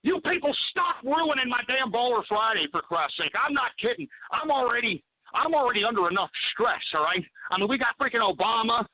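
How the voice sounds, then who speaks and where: Talk radio host, man, angry profane ranter; very high voice, tinny phone-like sound. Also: lively intonation, brisk.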